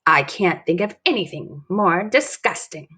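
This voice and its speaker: A woman voicing a creepy imaginary old woman who speaks in a flat, slow, deadpan way in a storybook read-aloud. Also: lowish voice, breathy edge, heavily acted. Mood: scornful.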